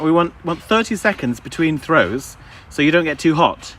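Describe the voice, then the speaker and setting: A man's voice: fairly high pitch, expressive, moderate pace, a bit bright, a little hiss or hum. A man live-streaming outdoors in a wooded park on his phone, chatting to viewers and his dog. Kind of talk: casual live-stream chat.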